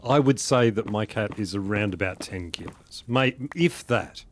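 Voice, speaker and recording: While playing a game live, this man keeps up relaxed commentary, joking with viewers and laughing at his own gags. His voice sits on the low side at a normal speed, and there's a faint hiss or hum.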